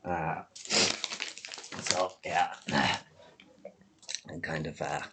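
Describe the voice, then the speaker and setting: A man's voice: a bass voice, little pitch movement, drawn-out words, very noisy. A man from Ireland with a fairly neutral Irish accent, talking in a rambling, sardonic solo monologue while congested with a head cold and coughing now and then. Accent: Irish, mildly Limerick. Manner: sardonic, rambling, self-deprecating. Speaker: vlogger.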